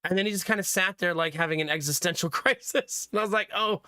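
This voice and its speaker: A young man chatting with his stream viewers as a father, telling animated stories and laughing often. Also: high voice, fast talker, dry recording, studio quality. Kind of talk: casual chat with stream viewers.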